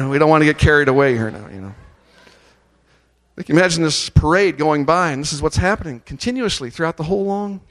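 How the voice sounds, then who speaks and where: A man preaching with a somewhat high voice that climbs to loud, ringing peaks on scripture. He reads verses aloud and leads the congregation in call-and-response chants. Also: expressive, a little fast. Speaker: pastor. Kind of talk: sermon.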